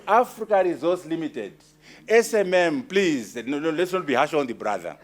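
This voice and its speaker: Man from Zimbabwe, author at a launch, fairly high voice, very lively pitch, forceful, teasing. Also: normal speed. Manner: forceful, teasing, emphatic repetition. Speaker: author at his book launch. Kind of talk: lively Q&A talk.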